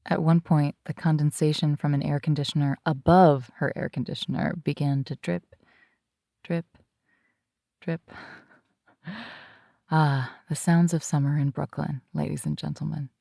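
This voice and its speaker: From bed, a woman hosting a podcast delivers scripted intro narration and easygoing interview talk, teasing and wry. Her low, dark voice has vocal fry and a steady tone, a little slow, recorded at studio quality with no room sound.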